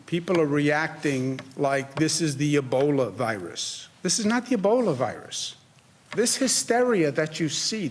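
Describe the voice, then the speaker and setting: A man's voice: a little high, a little hiss or hum. Teasing male politician in a clip. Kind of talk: press briefing and TV banter.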